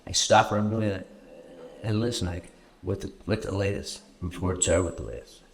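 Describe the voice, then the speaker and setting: Halting man telling stories at a Q&A. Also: low-pitched, steady tone, vocal fry. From Canada. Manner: halting, repeats words often. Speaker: film subject answering audience questions. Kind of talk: festival Q&A storytelling. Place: festival stage Q&A.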